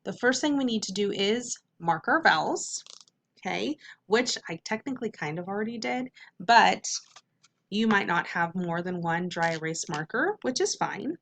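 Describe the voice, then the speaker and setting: A woman's voice: medium pitch, lively intonation, creaky, a bit bright. Woman teaching a phonics lesson. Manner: slow sounding-out of syllables; patient, repetitive classroom drills.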